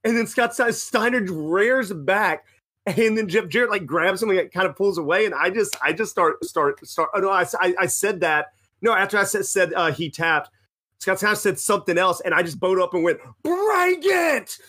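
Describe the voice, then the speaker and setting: A man's voice: sits high, moderate pace, bright, forceful tone. A young man co-hosting a casual podcast, telling rambling anecdotes with lots of self-corrections. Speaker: podcast co-host. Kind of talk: casual storytelling.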